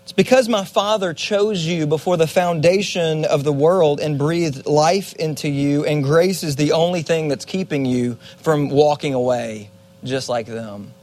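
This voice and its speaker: A man voicing a calm male teacher who quietly and gently corrects a follower. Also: a little high, unhurried, close to an everyday voice. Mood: gentle.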